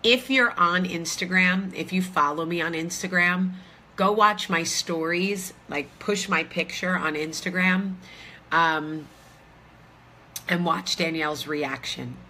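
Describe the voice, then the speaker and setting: Chatty bright-voiced woman rambling casually. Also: on the low side, slow. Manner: chatty, rambling, lots of fillers. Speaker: vlogger host. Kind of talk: casual chat to viewers. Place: hotel room.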